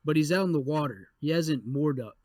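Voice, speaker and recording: A young adult man co-hosting a podcast, telling a story in a casual, animated way with lots of swearing. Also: on the high side, fairly quick, no room sound. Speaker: podcast co-host.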